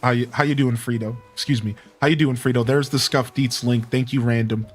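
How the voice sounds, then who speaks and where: A man's voice: mid-range voice, fairly even intonation, brisk, faint music behind. A man live-streaming in a casual, chatty way, talking straight to his viewers. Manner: laid-back, chatty, addresses viewers directly.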